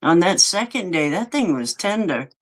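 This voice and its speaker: A man in casual chat, telling a work story in an unhurried, laid-back way. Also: high voice, sing-song, poor audio.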